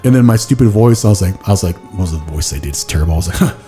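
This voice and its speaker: Racing through his stories with lively intonation, the podcast host has a low, dark voice, with faint music behind him. His casual chat is heavy on "like" and full of silly impressions.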